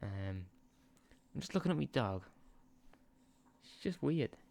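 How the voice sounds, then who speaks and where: A man's voice: mid-range voice, very animated, slow, gravelly, a little mellow. A man giving casual, chatty commentary over a football management game, easily distracted, laughing and swearing as he talks into a sensitive desk microphone. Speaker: gaming channel host.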